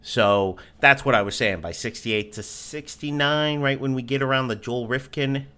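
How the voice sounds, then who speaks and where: A man co-hosting a podcast, jokey and animated, swearing casually in banter. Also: medium pitch, normal speed, clear, resonant tone. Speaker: podcast co-host.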